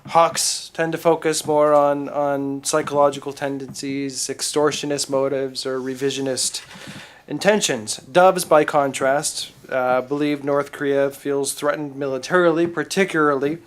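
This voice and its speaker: Measured man giving academic panel remarks. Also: on the high side, steady tone. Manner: measured, with small repetitions.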